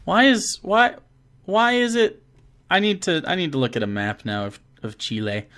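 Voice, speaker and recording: A man answering viewer questions as a dungeon master in a casual chat, rambling and animated, swearing freely and trailing off with fillers. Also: sits high, normal speed. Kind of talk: casual livestream Q&A.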